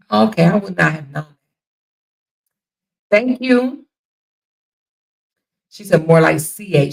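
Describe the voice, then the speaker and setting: Gravelly-voiced woman hosting a casual livestream. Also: mid-range voice, lively intonation, slow pace, pauses often. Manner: reads viewer comments aloud and answers them chattily. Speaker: livestream host.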